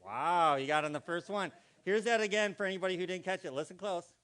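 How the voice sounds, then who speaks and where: With faint music behind him, a man speaks fast in a high, slightly bright voice. He's a guest speaker at a spiritual community gathering, giving the live congregation a playful, interactive talk where he acts out inflections and quizzes them.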